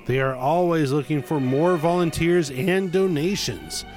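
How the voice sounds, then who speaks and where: Man, radio host, casual DJ patter, wry asides, animated delivery, music behind. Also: a little high, a little slow. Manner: chatty, self-correcting, wry asides. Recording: music playing under the voice.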